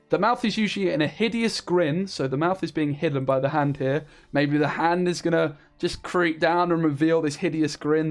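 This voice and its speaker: A man giving a chatty, enthusiastic card-game review as the channel's content creator, with frequent fillers. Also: on the high side. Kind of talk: casual card review commentary.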